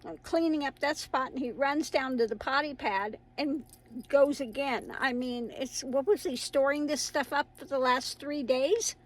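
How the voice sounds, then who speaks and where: Unhurried and high-voiced, a middle-aged tarot reader talks casually with viewers on her channel, rambling and laughing often. The recording sounds rough.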